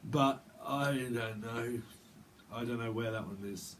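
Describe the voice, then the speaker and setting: Man, casual tarot reader, rambling and chatty, faint hiss behind, mid-pitched voice. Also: fairly even intonation. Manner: rambling, chatty, quick asides and self-interrupting laughs. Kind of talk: casual monthly tarot reading.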